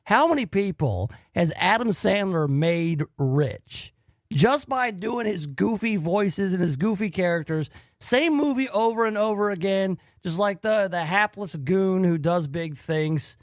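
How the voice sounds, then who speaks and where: Radio host, man, high-pitched, dry studio sound, rambling and eager. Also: expressive, a little slow, dry recording. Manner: enthusiastic, rambling. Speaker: radio talk show host. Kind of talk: casual radio talk.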